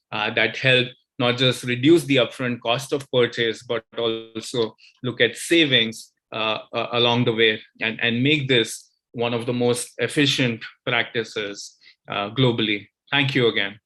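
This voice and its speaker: Guy wrapping up a speech, bright crisp voice, lots of uh and restarts. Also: mid-range voice. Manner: hesitant, many fillers and repeats. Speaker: conference speaker. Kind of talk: formal closing remarks.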